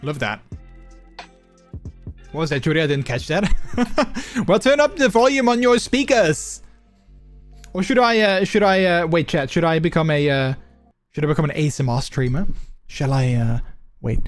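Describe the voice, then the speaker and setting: A man's voice: on the high side, lively intonation, normal speed, pauses often, soft background music. A man livestreaming and chatting casually with his viewers, rambling with many fillers and restarts on a close microphone. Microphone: close desk microphone.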